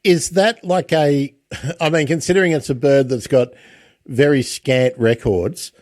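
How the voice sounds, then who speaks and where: A man hosts a casual interview, chatty and quick to restart his sentences. His voice sits in a middle pitch. The sound is dry and close, with no room in it. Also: a little mellow, dry recording. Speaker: podcast host.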